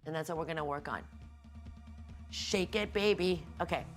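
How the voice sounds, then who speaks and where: A woman with a somewhat low voice talks a class through a meditation in a relaxed, meandering and frank way, now and then swearing. She speaks from a hotel room, and soft music plays quietly behind her. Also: normal speed. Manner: relaxed, rambling and candid, with some swearing. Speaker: healer and yoga instructor. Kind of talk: casual guided meditation class.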